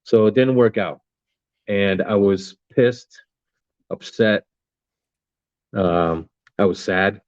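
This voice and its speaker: A man's voice: on the low side, takes it slowly, pauses often, darkish tone, dry recording, dull audio. A man in his fifties, a veteran guest on a podcast, telling his story bluntly and with a lot of swearing and fillers. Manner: blunt, profane, with many fillers. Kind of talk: casual storytelling interview.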